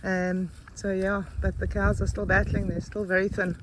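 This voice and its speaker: A woman's voice: flat delivery, normal speed. A woman narrating a vlog from a truck on a dry farm road, chatty and easygoing. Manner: chatty, coos to cows in a high baby voice. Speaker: animal rescue volunteer. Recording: loud wind and vehicle noise outdoors. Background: truck engine, cows, cowbells.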